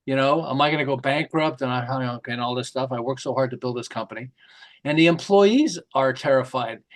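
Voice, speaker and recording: A middle-aged man, a marketing author, telling lively stories in an interview and acting out the quotes. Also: medium pitch, a little fast. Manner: lively, jokey, acts out quotes with laughs. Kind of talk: animated storytelling interview.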